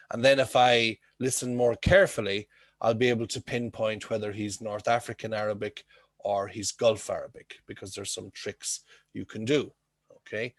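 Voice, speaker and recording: A man's voice: fairly low pitch, no room sound. A man teaching an English class over a video call, explaining with homely comparisons and checking in with frequent "okay?".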